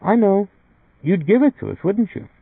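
A man's voice: high-pitched, animated, normal speed, creaky, breathy edge, no echo, phone-quality sound, pitched above the performer's own voice, heavily acted. A man voicing a blunt, teasing young pregnant woman in a read-aloud story. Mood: pert.

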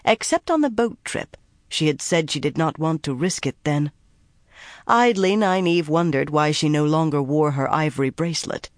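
A narrator with a medium-pitched voice reads a fantasy audiobook from a script, with an even, measured storytelling manner. The sound is dry and studio-clean.

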